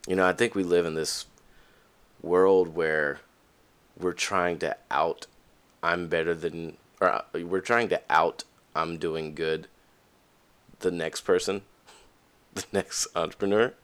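A man's voice: low voice, steady tone, takes it slowly, long pauses, a bit bright, clear, resonant tone. A young man hosting a podcast, talking candidly in a casual monologue and acting out the voices of people he quotes. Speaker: podcast host.

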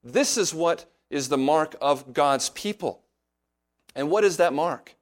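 A man's voice: fairly high pitch, expressive, a little slow. A male pastor preaching an expository sermon. He talks in an earnest, explanatory way and keeps asking rhetorical questions as he works through a text.

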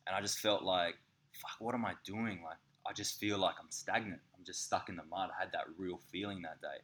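A man with a very low voice talks in a relaxed podcast chat. He tells frank, sweary stories and mimics other people as he goes. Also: fairly quick. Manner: candid, sweary storytelling with lively impressions. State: slightly sick. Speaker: podcast co-host. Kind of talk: casual chat.

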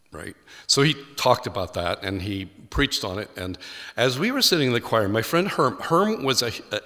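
Irish-accented male pastor, lively sermon storyteller, bright forceful tone, low voice. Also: in a large hall. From Ireland. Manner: animated storyteller acting out quoted voices.

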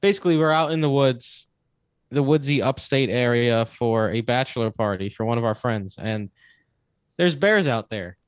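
A young man co-hosting a podcast, telling a story in a casual, animated way, laughing and swearing as he goes. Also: medium pitch, normal speed, smooth, no echo, clean studio sound. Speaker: podcast co-host.

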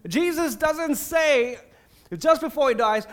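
High-voiced man preaching a lively sermon. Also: a little slow. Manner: animated, acts out prayers and quotes with shifting voice; conversational with fillers and restarts.

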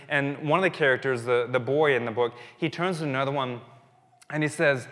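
A man's voice: fairly high pitch, brisk, fairly bright tone. A pastor in his thirties giving a conversational sermon, telling a story with restarts before leading communion and prayer. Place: church sanctuary. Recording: long hall reverb.

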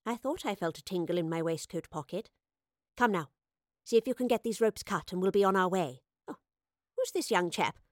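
A woman's voice: medium pitch, animated, moderate pace, no room sound, close to an everyday voice. An eccentric, cheerful lady professor who chatters in a breezy, self-amused way, as a woman reads her. Her voice sits in a middle register and is recorded dry and close, like a storybook reading. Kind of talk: audiobook character voice.

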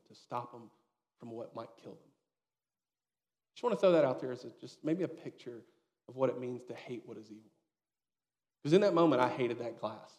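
A man in his thirties preaching a sermon, telling a story with lively acted-out dialogue. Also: medium pitch. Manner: storytelling, animated, acts out quoted dialogue. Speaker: pastor.

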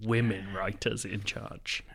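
A man co-hosting a casual comedy chat, tossing quick jokey questions and laughing along. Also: on the low side, little pitch movement, vocal fry, fairly bright tone, a little hiss or hum. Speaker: podcast co-host.

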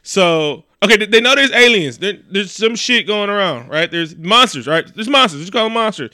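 Man co-host, bright crisp voice, dry close mic, swears freely in a loose movie recap. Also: high-pitched, moderate pace, no echo. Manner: animated, swears heavily, acts out scenes. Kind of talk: casual profane movie recap.

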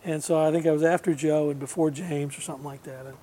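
A man, a guest musician, telling a long anecdote in relaxed, rambling conversation, laughing now and then. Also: a little high, fast. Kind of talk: casual storytelling.

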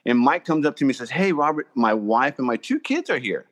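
A man's voice: medium pitch, a little fast. A man who served in the army and works as a golf pro, telling a story in a casual chat and acting out what people said. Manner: animated storyteller, acts out quotes loudly.

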